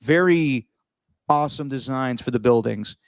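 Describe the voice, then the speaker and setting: A man hosting a podcast, telling a travel story in a casual, animated way with frequent restarts. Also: medium pitch, normal speed, dry recording. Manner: animated, repeats words and restarts while telling stories. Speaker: podcast host.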